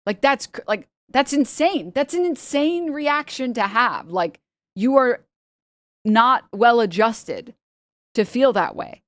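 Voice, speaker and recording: A woman's voice: fairly high pitch, lively intonation, slow pace, no echo, studio quality. A young woman streamer in casual commentary, rambling and sarcastic, often laughing and putting on mocking voices.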